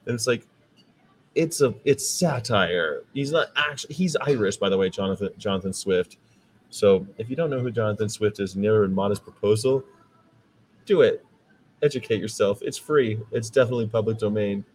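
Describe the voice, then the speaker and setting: This vegan podcast host, an American man, has a voice on the low side at a moderate pace. His casual, rambling talk drifts into preaching about veganism, captured in a low-quality recording with slight background noise.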